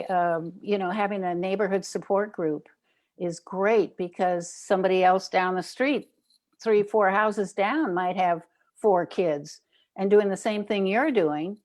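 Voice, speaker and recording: A woman's voice: mid-range voice, unhurried, darkish tone. An older woman on an interview show, telling community stories and acting out the people she quotes. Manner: storytelling, acts out quoted neighbors. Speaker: guest, child safety advocate.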